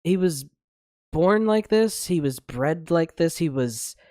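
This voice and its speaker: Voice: medium pitch, expressive, takes it slowly, dark tone, no echo, clean studio sound. Angry, swearing podcast co-host. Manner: angry, swearing, blunt ranting. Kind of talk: heated casual discussion. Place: livestreamed online podcast.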